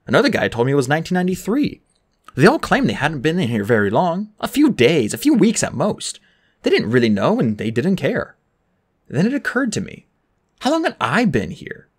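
Lively audiobook reader, pitch bouncing all over, doing voices for everyone. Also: fairly quick, slightly rough. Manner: animated, voices every character. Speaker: audiobook narrator. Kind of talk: first-person novel reading.

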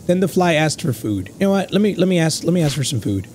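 A man gives let's play commentary while he plays, joking in a crude, excitable way. His pitch sits a little high and swings widely, and a faint hiss of noise runs underneath. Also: fast, few pauses. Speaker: gamer.

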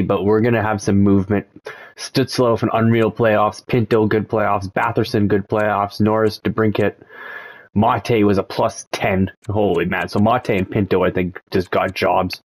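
Man giving relaxed game commentary. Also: on the low side. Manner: relaxed, thinking aloud, excited by close results. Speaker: gaming channel host.

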